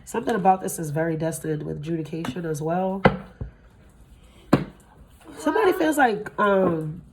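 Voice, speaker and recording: A woman's voice: normal speed, very noisy. Blunt, profane woman reading tarot cards. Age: 30s. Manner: blunt and profane, swears freely; animated, jumps up in pitch when excited. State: tired from little sleep. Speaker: tarot reader.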